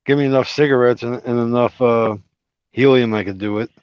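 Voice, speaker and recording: A man's voice: medium pitch, fairly even intonation, a little fast, smooth, dry recording. Self-mocking man on a dull call. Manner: storytelling, self-mocking, laughs. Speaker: guest caller. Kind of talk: casual chat.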